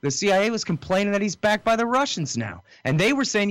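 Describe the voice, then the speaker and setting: A man joining a talk radio show as a guest, explaining political events in a measured, hedging way. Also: high voice, very animated, fairly bright tone, no room sound. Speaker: guest commentator. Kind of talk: conversational political analysis.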